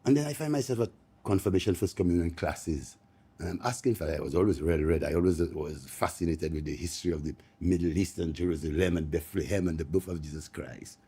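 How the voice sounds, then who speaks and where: A man, speaking up from the audience of a panel discussion, impassioned and halting, repeating words as he goes. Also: deep voice, mellow, breathy edge. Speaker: live audience member.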